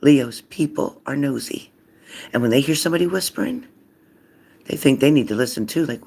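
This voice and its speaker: A man giving a casual card reading, acting out loud quotes and dropping into whispers. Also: mid-range voice, normal speed, creaky, breathy edge. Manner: animated, acts out loud and whispered voices. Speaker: psychic card reader.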